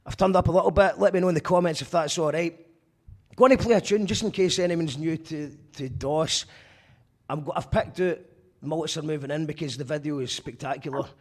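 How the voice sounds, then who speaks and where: Streaming live from abroad, this Glaswegian-accented radio host conducts a relaxed interview in a brisk, higher-leaning voice. He's talkative and easygoing, throwing in a swear word now and then.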